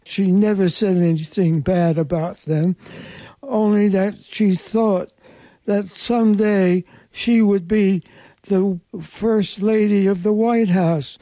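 A woman's voice: medium pitch, fairly even intonation, slow, mellow, dry recording. An older woman recalling the past in an interview, earnest and emphatic. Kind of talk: reminiscing interview.

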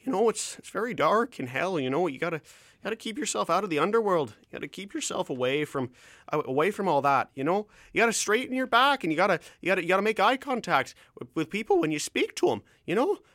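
A nasal, froggy Canadian professor lectures insistently, looping the same phrases over and over, as a man puts him on. The voice sits well above a normal speaking pitch, and the lively intonation swoops around. The recording is dry and close. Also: fast, dry recording. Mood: preachy. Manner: preachy, insistent, repetitive. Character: earnest lecturing male professor, Kermit-like.

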